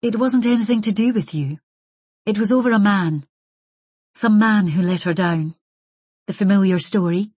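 Brief: woman narrator voicing a steady, kindly comforter, storybook reading, husky. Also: medium pitch, moderate pace, pauses often, no echo, voice pushed up, natural voice. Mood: reassuring. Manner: gentle, firm, reassuring. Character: earnest grown woman comforting an old classmate. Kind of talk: audiobook character voice.

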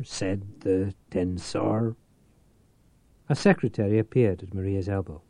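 A man narrating an audiobook in a measured, even manner. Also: lowish voice, no echo.

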